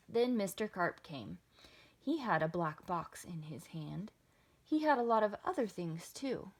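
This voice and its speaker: A woman reading a children's picture book aloud with expressive, sing-song delivery. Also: lowish voice, unhurried. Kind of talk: children's storybook read-aloud.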